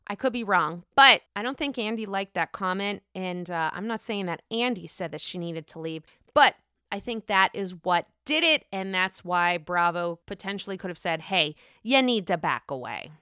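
A woman's voice: medium pitch, moderate pace, sharp tone, smooth, no echo, studio quality. A young woman hosting casual reality TV gossip commentary, sassy and profane.

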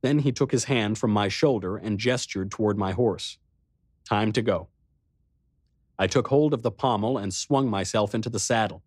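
A man reading a first-person adventure story aloud with expressive storytelling. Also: on the low side, fairly quick, hardly any pauses, no room sound, clean studio sound. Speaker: narrator. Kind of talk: first-person audiobook narration.

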